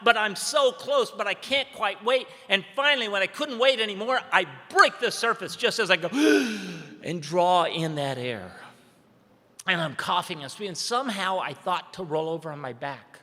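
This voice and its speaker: A man with a fairly high, very bright and forceful voice tells a personal story from a stage. He moves between urgent, loud stretches and hushed, slow ones. The sound has a long hall reverb behind it. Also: expressive. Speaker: speaker at a training event. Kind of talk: dramatic personal storytelling speech.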